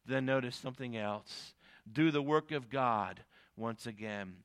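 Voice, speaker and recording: A man preaching a sermon, reading scripture aloud and swinging from quiet asides to emphatic, raised declarations. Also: mid-range voice, measured pace, clear, resonant tone. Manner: reads scripture in archaic phrasing, repeats key lines.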